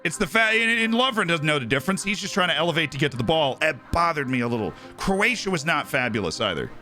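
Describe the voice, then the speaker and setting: A man's voice: a little high, very animated, fast talker, bright, forceful tone, faint music behind. A man hosting a live stream, chatting casually about football and rambling with lots of "right?" and "like". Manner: rambling, tags "right?" and "like" often.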